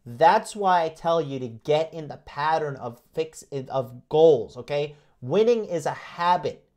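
A man coaching his viewers on a livestream, brash and profane, hammering the same phrases again and again and slipping into mocking whiny voices. His voice sits a little high for a man. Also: lively intonation, a little slow, darkish tone. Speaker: dating coach and host. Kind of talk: livestream motivational rant.

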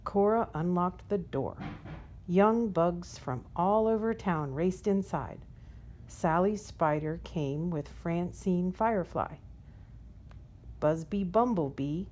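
A woman reading a children's picture book aloud in a gentle, unhurried storytelling manner. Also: on the low side. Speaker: storybook reader.

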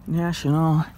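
A man's voice: on the high side, warm tone, slight background noise. A man casually quizzing himself on trivia while eating, playful and self-mocking, now and then talking to his dog. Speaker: vlogger.

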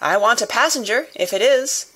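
Hoarse mounted messenger, voiced by a woman, calling out raised and loud. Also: on the high side, lively intonation, normal speed, voice pushed up, heavily acted. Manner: calling out loudly from a distance. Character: hoarse male messenger on horseback. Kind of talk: audiobook character voice.

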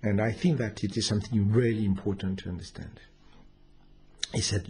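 A man's voice: fairly low pitch, fairly quick, mellow. A man telling a personal story in an unscripted, hesitant way, with restarts and fillers.

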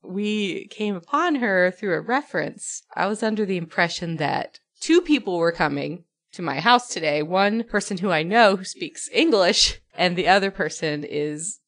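A woman's voice: on the low side, normal speed, few pauses. A woman co-hosting a podcast, telling a story in casual chat and laughing often as she goes. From New Mexico. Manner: laughing storyteller, animated retelling. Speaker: podcast co-host.

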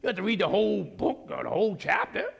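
A man preaching a sermon as pastor, animated, swinging from low asides to shouting. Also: fast talker, creaky, slightly rough.

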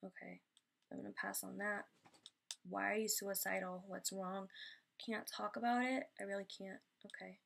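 A woman's voice: mid-range voice, flat delivery, normal speed, creaky, fairly bright tone. A young woman telling personal stories in a Q&A vlog, rambling and emotional with many fillers. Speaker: vlogger.

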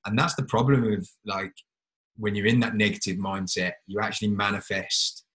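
A man's voice: lowish voice, fairly even intonation, normal speed, fairly bright tone, rough recording. A man hosting a podcast, talking in an earnest, rambling and encouraging way. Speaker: podcast host. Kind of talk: casual interview chat.

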